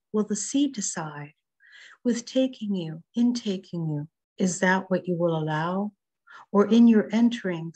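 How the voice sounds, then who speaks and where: A woman reading her own poems over a video call in a slow, measured way. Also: on the low side. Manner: slow, measured, softly rising and falling reading. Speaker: poet reading her work.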